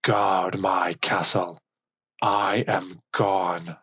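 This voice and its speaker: Man voicing Thrym, a slow booming frost giant. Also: level tone, fairly bright tone, breathy edge, dry recording, exaggerated voice. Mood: boastful. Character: huge boastful male frost giant king.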